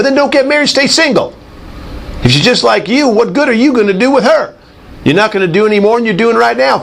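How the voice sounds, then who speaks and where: A middle-aged man preaching a sermon with animated storytelling, acting out sounds with his voice. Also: creaky, a little hiss or hum. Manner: animated, swooping pitch, does sound effects.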